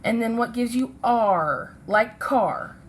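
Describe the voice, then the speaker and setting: A woman's voice: on the high side, slow pace, a little hiss or hum. A woman teacher giving a recorded phonics lesson to children, speaking patiently and sounding out letters and syllables.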